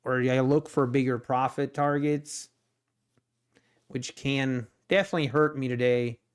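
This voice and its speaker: A man's voice: medium pitch, fairly even intonation, measured pace, clear, resonant tone. A man in his thirties with a Pennsylvania Dutch accent, rambling and thinking aloud while commenting on his live trading. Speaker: day trader streamer.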